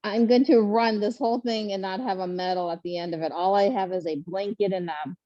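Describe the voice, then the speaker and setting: A woman on a panel telling a lively, laughing story about her first marathon and acting out what people said. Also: medium pitch, fairly quick, dry recording. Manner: animated, laughing, acts out quotes. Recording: muffled lo-fi sound.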